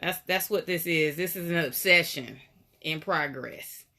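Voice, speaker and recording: A woman's voice: low voice, a little slow, pushed and bright. A woman hosting a casual live stream from her doll room at home, chatting and greeting viewers by name, a little out of breath. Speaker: host of a weekly live stream about dolls. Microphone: phone live stream.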